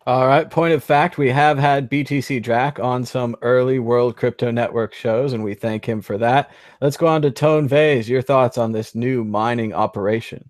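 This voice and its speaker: A man hosting a live panel show, moving briskly between guests and prompts. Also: mid-range voice, dry recording. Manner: brisk moderator, runs the segment and calls on guests. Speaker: host.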